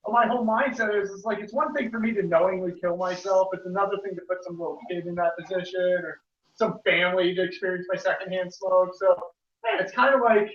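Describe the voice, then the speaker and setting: A man's voice: sits high, fast, a little hiss or hum. A man chatting casually on a video call, talking loosely and swearing. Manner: casual, profane. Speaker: guest. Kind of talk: casual live-stream chat. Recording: distant roomy lo-fi call audio.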